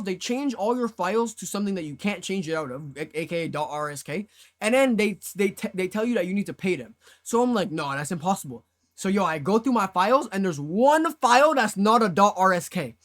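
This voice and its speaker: A man's voice: high voice, fairly bright tone. A young man streamer telling a story to his live chat in casual slang, acting out his own past reactions.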